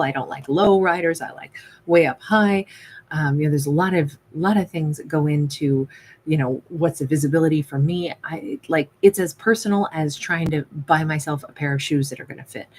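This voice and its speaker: Lady doing a chatty tarot reading, lowish voice, acts out little quotes, bit of faint noise behind. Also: low-quality recording. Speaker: tarot reader. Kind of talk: casual tarot reading monologue.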